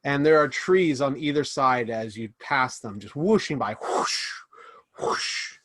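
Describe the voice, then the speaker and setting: A man running a tabletop game as game master, narrating scenes with quick restarts and fillers. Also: medium pitch, lively intonation, a bit bright, no room sound.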